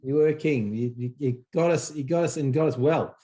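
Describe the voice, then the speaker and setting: A man hosting a casual chat, telling his side of a story in an emphatic, excited way and repeating himself. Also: medium pitch, moderate pace. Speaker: podcast host.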